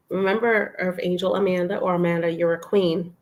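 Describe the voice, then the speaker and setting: A woman with a slightly low voice and a lilt hosts a casual live stream on a computer mic. She reads affirmations aloud in a slow, soft cadence and breaks off to encourage her viewers by name. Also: little pitch movement, a little hiss or hum, low-quality recording. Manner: reads affirmations slowly and softly, warm encouraging asides. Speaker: livestream host reading affirmations.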